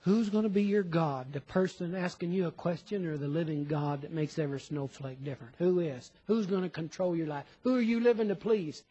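Casting: high-pitched male preacher, sermon delivery, rhetorical questions, acts out imagined listeners. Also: a little fast, hardly any pauses, warm tone, slightly rough, dull audio. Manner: questioning, quotes imagined listeners in shifting voices.

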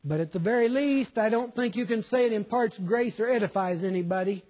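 A preacher delivering a sermon, firing questions at the congregation and quoting imagined listeners in other voices. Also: male voice, high-pitched, a little fast, darkish tone, lo-fi sound.

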